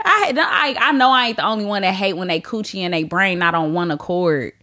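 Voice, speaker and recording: A woman's voice: on the low side, animated, a little fast, hardly any pauses, pushed and bright, no room sound, studio quality. A woman hosting a candid solo podcast, talking bluntly and profanely, laughing often and breaking into mock wailing. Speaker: podcast host.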